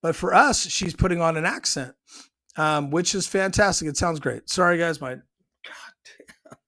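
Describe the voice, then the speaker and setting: A man's voice: on the high side, normal speed, bright, forceful tone. A man hosting his own show, reviewing a TV episode in a rambling casual way with many ums and restarts. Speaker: show host.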